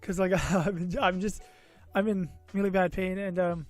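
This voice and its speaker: In a dry recording, a man with a high, slightly mellow voice and fairly even intonation tells a personal story on his vlog at a somewhat slow pace. He sounds exhausted and loopy, rambling with lots of "uh" and "you know" and mocking himself. There's faint music in the background.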